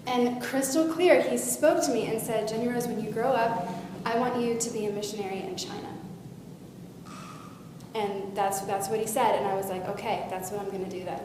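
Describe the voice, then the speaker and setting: Guest speaker, woman, lively storytelling, reverberant hall with faint noise. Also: medium pitch, brisk. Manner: animated storytelling with lively shifts in loudness. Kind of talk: personal testimony to a youth audience.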